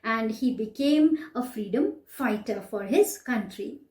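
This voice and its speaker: A woman's voice: fairly high pitch, lively intonation, a little slow, a little mellow. A woman with an Indian English accent teaching a class, patiently explaining exercises and often checking in with "right?". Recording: echoey room, voice slightly distant from mic.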